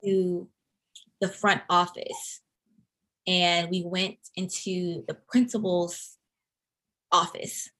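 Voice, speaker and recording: A woman in her thirties from the Atlanta area, telling a personal story as an interview guest in an earnest, reflective, halting way. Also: on the low side, little pitch movement, a bit bright. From Atlanta, USA.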